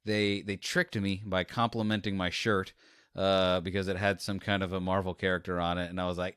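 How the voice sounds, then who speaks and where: A man with a fairly low voice hosts a casual podcast, spinning animated anecdotes and slipping into little acted-out bits. The sound is dry and close, with no room around it. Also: normal speed, clean tone, no room sound. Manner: animated storyteller, acts out scenes. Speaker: podcast host.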